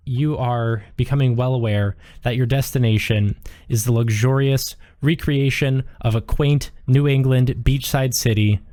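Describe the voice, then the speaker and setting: A man's voice: mid-range voice, darkish tone. A man narrating as game master in a loose, joking way with lots of fillers.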